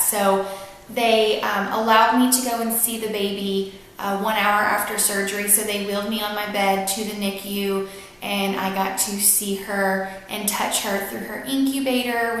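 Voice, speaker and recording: Young woman vlogger, earnest and emotional, storytelling with fillers, very echoey room, mid-pitched. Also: fairly bright tone, slight background noise. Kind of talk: personal storytelling to camera.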